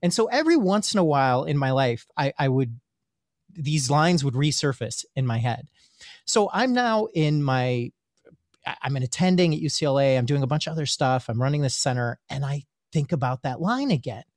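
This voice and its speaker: A man who is a physician, telling a story as a guest in a casual conversation, animated and often repeating words as he gets his thoughts out. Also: medium pitch, normal speed, no echo, studio quality.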